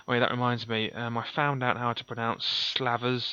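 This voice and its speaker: A man's voice: medium pitch, little pitch movement, fairly quick, bright, forceful tone. A man reading a fantasy gamebook aloud and commenting casually as he plays, thinking aloud and correcting himself. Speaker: gamebook player and narrator. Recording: dull lo-fi, dry.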